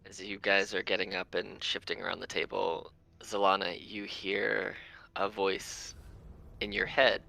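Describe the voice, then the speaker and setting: A man's voice: deep voice, completely flat delivery, measured pace, gravelly, bright, forceful tone. A man narrating a tabletop game as game master, loose and full of ums.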